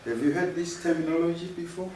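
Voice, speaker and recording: A man's voice: on the high side, quick pace, dark tone, slight background noise. A man, a Shona speaker, patiently teaching a music workshop and leading the group in repeating words after him. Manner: patient, demonstrative, leads group repetition. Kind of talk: teaching a workshop with call-and-response. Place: workshop room. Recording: echoey room from a distance.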